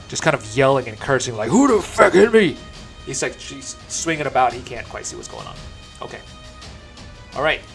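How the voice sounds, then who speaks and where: A man acting as dungeon master, narrating combat and fighting with the game software. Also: medium pitch. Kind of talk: running a tabletop game online. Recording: clear background music.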